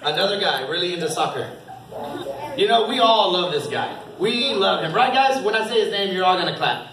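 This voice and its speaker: A man with a high voice speaks as a youth football coach handing out awards at a team banquet. He is upbeat and encouraging, laughing often. The sound carries the echo of a big hall, heard from some distance off the mic. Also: expressive, a little fast, a crowd in the background.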